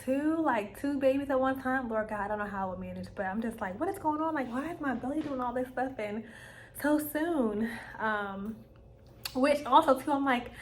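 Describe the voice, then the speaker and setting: A young woman talks straight to camera from her home in a relaxed sit-down vlog. Her voice sits a little high, and she gets animated and emotional, filling her sentences with "like" and "y'all." A faint hum of noise runs beneath her. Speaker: vlogger. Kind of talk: casual sit-down vlog chat.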